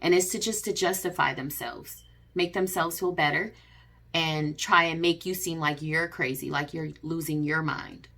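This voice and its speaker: Low-voiced earnest woman vlogger. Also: steady tone, normal speed, vocal fry, a bit bright. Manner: earnest, repetitive, many fillers. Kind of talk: personal advice vlog.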